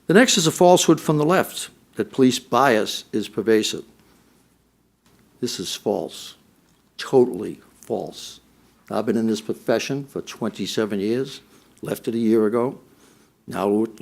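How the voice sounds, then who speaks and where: A middle-aged former police chief with a lowish voice gives a prepared speech at a policy forum, repeating his points for emphasis.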